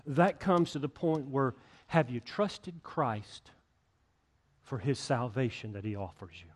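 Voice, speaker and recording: A man's voice: mid-range voice, unhurried. Earnest preacher man. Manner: earnest, rising emphasis, repeats words. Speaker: pastor. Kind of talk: sermon with invitation.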